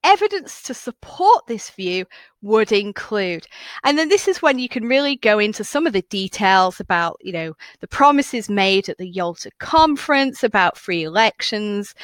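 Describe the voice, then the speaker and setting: A woman's voice: mid-range voice, expressive, moderate pace, a bit bright, no echo. A woman hosting a history podcast, chatty, upbeat and encouraging as she explains how to write essays. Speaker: podcast host and history teacher. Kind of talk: casual educational podcast.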